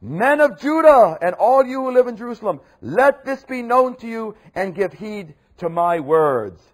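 A man playing a simple ancient fisherman turned apostle inside a sermon, declaiming with a raised, husky voice. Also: high voice, lively intonation, fairly quick, darkish tone, pitched above the performer's own voice, heavily acted.

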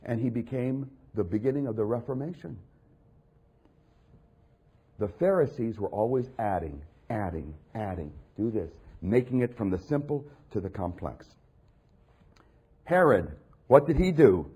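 A preacher man delivering an animated sermon, his pitch swinging widely and his tone slightly husky. He breaks into mocking voices and climbs to loud, raised peaks. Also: unhurried, pauses often. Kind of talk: sermon with scripture reading.

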